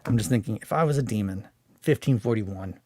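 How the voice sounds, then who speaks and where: A man's voice: on the low side, brisk, mellow, no echo. Man, hobby stream host, rambling casual monologue, swears a lot, dry close sound. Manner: rambling, restarts and swears freely.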